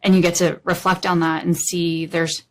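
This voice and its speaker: A woman's voice: on the low side, little pitch movement, moderate pace. A woman from the United States answering an interviewer in a thoughtful, sincere way. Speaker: interviewee, actor.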